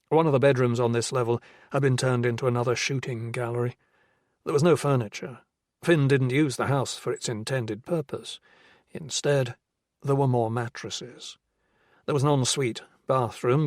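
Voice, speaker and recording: A man narrating a crime novel audiobook in a measured, even storytelling voice. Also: mid-range voice, dry recording, clean studio sound. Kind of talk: scripted narration.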